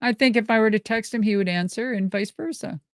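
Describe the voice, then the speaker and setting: A woman from Minnesota telling stories in casual talk, lively and profane, laughing often as she answers live questions. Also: a little high, fairly quick, dry recording, clean studio sound. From Minnesota, USA. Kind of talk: casual storytelling.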